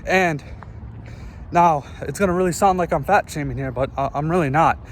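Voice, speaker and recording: A man's voice: a little high, normal speed, a little hiss or hum. A man ranting casually to camera, out of breath after a workout, rambling and swearing, recorded through earbuds. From northern United States. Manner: rambling, profane, self-interrupting. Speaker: vlogger. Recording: voice picked up through earbud mic.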